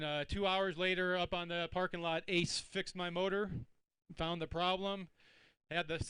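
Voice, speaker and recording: A man's voice: high-pitched, bright, forceful tone, smooth, no room sound, low-quality recording. A man, a tournament angler, telling what happened on the water in a rambling, casual way. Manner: rambling, with fillers and restarts. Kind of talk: casual storytelling speech.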